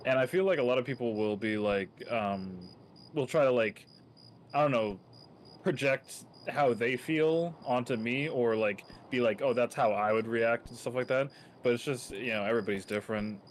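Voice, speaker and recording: A man's voice: mid-range voice, moderate pace, slight background noise, rough recording. A man in casual chat, talking in a reflective, rambling way, filling his speech with "like" and "um".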